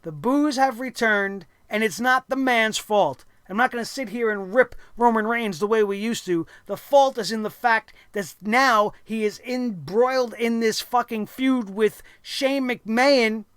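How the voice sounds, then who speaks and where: Blunt, profane wrestling show ranter. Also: male voice, high-pitched, unhurried, hardly any pauses, a bit bright, clear, resonant tone, no room sound, clean studio sound. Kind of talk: ranting show review.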